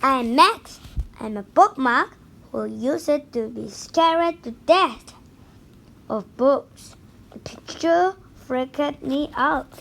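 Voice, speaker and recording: A woman reading a picture book aloud in an unhurried way, now and then stumbling and restarting a word. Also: high-pitched, lively intonation, gravelly, poor audio. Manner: unhurried read-aloud with small slips and restarts.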